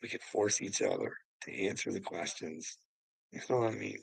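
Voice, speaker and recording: A man's voice: lowish voice, moderate pace, gravelly, slightly rough, no echo, rough recording. A man ranting on a livestream, preachy and taunting, swearing and mocking the person he addresses. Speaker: channel host. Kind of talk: confrontational livestream rant.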